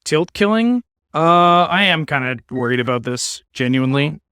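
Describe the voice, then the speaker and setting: A man's voice: a little high, expressive, normal speed, bright, forceful tone, clean tone, no room sound, studio quality. A man streaming a card game, giving casual commentary with wry, sarcastic asides.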